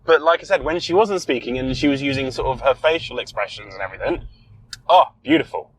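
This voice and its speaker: Talking fast in an expressive, mid-range voice, a podcast co-host casually reviews a film he has seen while in a car. He is chatty and swears when startled; the audio is poor with slight background noise.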